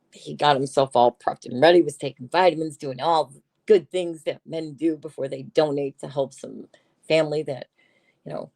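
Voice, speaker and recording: A woman's voice: sits low, gravelly, warm tone, no echo. A woman hosting a casual livestream, chatting in a teasing way and reading her viewers' comments aloud. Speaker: livestream host.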